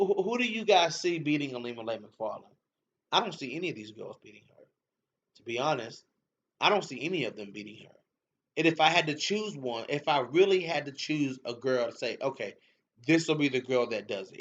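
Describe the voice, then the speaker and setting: A man's voice: medium pitch, a bit bright. Casual livestream host, male, slangy and repetitive, laughs easily; dull lo-fi sound. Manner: slangy, laughs often, repeats himself. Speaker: MMA show host reading live comments. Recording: dull lo-fi stream audio.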